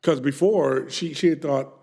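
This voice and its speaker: A man's voice: a little high, normal speed, vocal fry. A man co-hosting a podcast in casual chat, emphatic and swearing a lot. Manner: profane, emphatic, trails off quietly. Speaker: podcast co-host.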